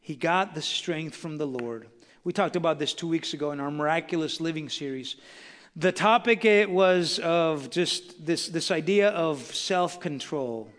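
A man's voice: on the high side, measured pace, fairly bright tone, long reverb tail. A man preaching a sermon as pastor to his congregation, building intensity and acting out quotes. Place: church sanctuary.

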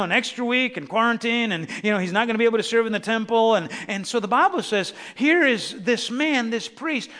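Male pastor, high voice, preaching to a congregation with dramatic loud-to-quiet swings; long room reverb. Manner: preachy, addresses crowd directly, dramatic swings from loud to hushed. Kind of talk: sermon.

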